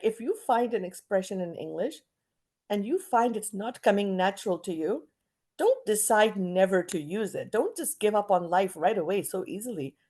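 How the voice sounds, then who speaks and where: A middle-aged woman from Canada teaching an online English class, chatty and stretching out words and pauses to model intonation. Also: mid-range voice, dark tone, poor audio.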